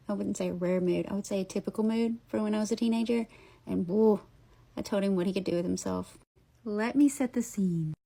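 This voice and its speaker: Animated woman telling ghost stories. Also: medium pitch. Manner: animated, blunt, swears freely. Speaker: paranormal storyteller. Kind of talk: casual storytelling.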